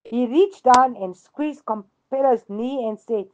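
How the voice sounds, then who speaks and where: A woman's voice: fairly high pitch, slow, dull audio, noisy background. A woman giving a devotional radio reading, telling a story earnestly with emphatic repetition.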